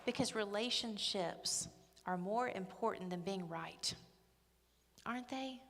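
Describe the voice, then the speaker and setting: A middle-aged woman speaks at a church ladies' day in a hall with long, echoing reverb, being humorous, emphatic and conversational. She talks at a measured pace in a mid-range voice that is a bit bright, with some vocal fry.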